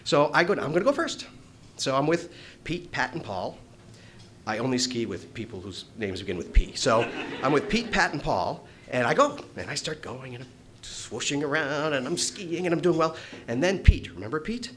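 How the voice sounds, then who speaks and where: A man tells a personal story before a crowd in a small bar, his pitch swinging widely as he talks. He swears freely and laughs his way through it. A faint hum of noise sits behind him. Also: normal speed. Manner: animated, swears freely, laughs while telling. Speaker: storyteller at a live event.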